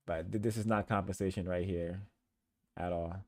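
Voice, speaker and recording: A man's voice: low voice, fairly even intonation, normal speed, no echo, clean studio sound. A man hosting a commentary program, speaking in an earnest, emphatic way. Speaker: host.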